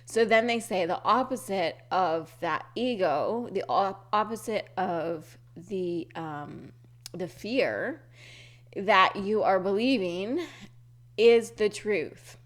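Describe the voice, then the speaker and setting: A woman's voice: mid-range voice, slow pace. A woman hosting a spiritual podcast, talking unscripted, with a throat tickle. She searches for words, restarts often and repeats earnest affirmations. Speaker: podcast host.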